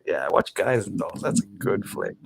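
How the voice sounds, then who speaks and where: A man's voice: lowish voice, animated, moderate pace, creaky, slightly rough, rough recording. Man, livestream guest, loose casual talk, swears freely. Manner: loose and swearing, laughing often. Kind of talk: casual chat.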